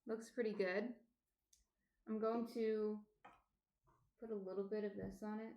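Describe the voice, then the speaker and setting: An unhurried woman from New Jersey, with a medium-pitched, level, dark voice, hosts a casual sourdough tutorial live stream. She explains each shaping step and greets viewers by name, and the room is echoey.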